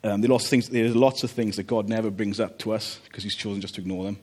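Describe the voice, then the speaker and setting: A man preaching a relaxed, conversational sermon, joking about family life and often checking in with "okay?". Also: on the low side, fast talker. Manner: chatty, jokey, checks in with "okay?".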